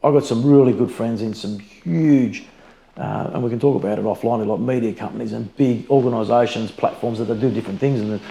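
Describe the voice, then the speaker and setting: Fast-talking Australian businessman. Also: medium pitch, vocal fry. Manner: animated storyteller, acts out quoted exchanges. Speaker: business founder and mentor, guest. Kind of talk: casual interview conversation. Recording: echoey room, faint ambience.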